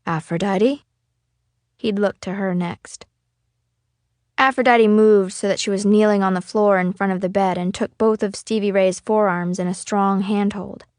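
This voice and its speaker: Woman narrating a novel aloud, expressive first-person read, dry and close sound. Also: mid-range voice, moderate pace, dry recording. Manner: casual, expressive storytelling. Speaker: audiobook reader.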